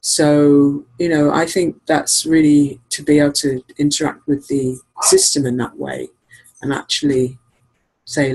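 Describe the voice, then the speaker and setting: A woman's voice: deep voice, little pitch movement, measured pace, darkish tone, breathy edge, low-quality recording. A woman chatting casually on an online call, rambling and laughing easily as she talks. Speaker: regular sharer on a call-in show.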